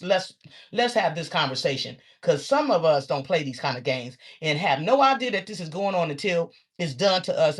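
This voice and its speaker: Woman, husky tone, swooping lively pitch, casual monologue. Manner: animated storytelling, acts out quotes with sudden high squeals. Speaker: social media talker.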